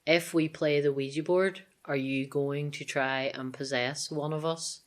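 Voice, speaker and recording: A woman on a ghost hunt, talking in a hushed, nervous way in an old castle room at night. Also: low voice, fairly even intonation, unhurried. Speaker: paranormal investigator. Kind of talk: casual ghost-hunt chat.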